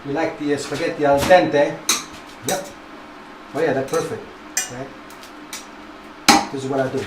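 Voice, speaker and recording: A man's voice: medium pitch, heavy background noise. A man from Naples with an Italian accent, casually demonstrating a home cooking recipe and chatting as he works. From Naples, Italy. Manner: chatty, loose, cheerful asides. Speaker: home cooking show host. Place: home kitchen. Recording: roomy kitchen, mic far off, loud music.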